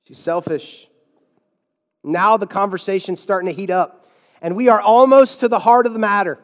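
A man's voice: high voice, normal speed, in a large hall. A man preaching a sermon as a pastor in a church, emphatic, with sudden drops and swells in his delivery.

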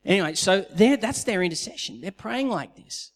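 A man with a high, light voice delivers an animated sermon, swinging from quiet asides to loud, acted-out quotes. His words ring out with the long echo of a big hall. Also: normal speed. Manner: animated storytelling with dramatized quotes. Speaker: pastor. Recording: long reverb of a large hall.

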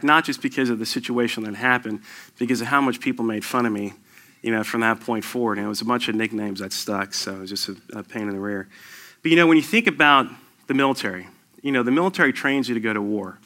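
A man's voice: mid-range voice, pushed and bright. A middle-aged man, a military veteran, telling a personal war story to an audience in an emphatic, conversational way.

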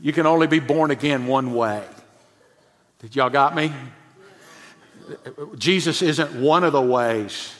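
A male pastor preaching a sermon with emphasis, often dropping to a hushed, low voice. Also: slow, pauses often. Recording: long church-hall reverb.

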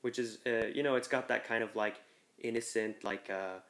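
A man talking as a guest on a podcast, telling things in a relaxed, amused way. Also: medium pitch, fairly quick. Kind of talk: casual chat.

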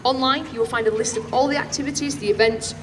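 A woman park ranger addresses a crowd of visitors in an upbeat way, throwing questions out to them. Her voice sits a little high and comes from well away from the microphone. Plenty of background noise surrounds her. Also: fairly even intonation, fast talker. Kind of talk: speaking to a crowd. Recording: distant and noisy field recording.

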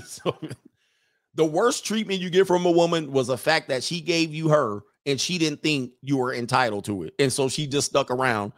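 A man's voice: on the high side, moderate pace, dry recording, studio quality. A man hosting a casual livestream, reading chat comments aloud and riffing on them in a brash, joking way, laughing often.

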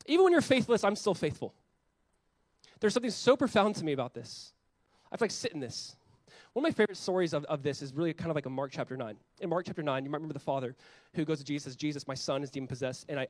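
A young adult male pastor delivers a sermon at a quick clip, his voice sitting a little higher than most men's. He talks conversationally and slips into quoted voices as he preaches. The sound is dry and close, with little room echo.

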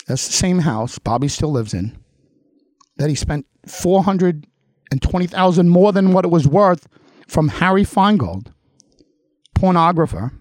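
A man's voice: on the high side, lively intonation, unhurried, pauses often, a little mellow, dry recording. Indignant Long Island man ranting. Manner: indignant, emphatic repetition, addresses targets directly. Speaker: political commentary show host. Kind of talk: heated political monologue.

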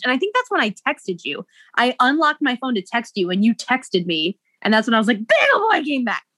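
A woman's voice: fairly high pitch, pushed and bright, no room sound. A young woman co-hosting a podcast, telling a story in a bubbly, giggly way full of "like" fillers. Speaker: podcast co-host. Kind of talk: casual storytelling chat.

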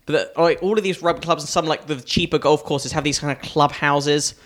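A man tells a meandering gig story in a relaxed podcast conversation. His voice sits a little on the high side, and he keeps chuckling through his own tangents. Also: a little fast. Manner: rambling anecdotal storytelling with frequent laughs. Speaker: stand-up comedian. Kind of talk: casual podcast chat.

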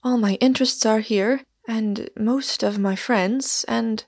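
A woman reading the lines of an elderly French cafe owner in an audiobook, testy but formally polite, with a gravelly edge. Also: a little high, slow, dry recording, clean studio sound.

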